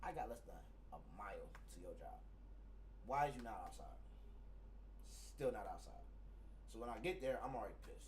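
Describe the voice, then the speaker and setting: A man's voice: fairly low pitch, normal speed, pauses often. A man in casual chat, telling a profane story and acting out heated exchanges. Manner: profane, animated storytelling, acts out heated quotes. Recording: distant mic, faint background noise.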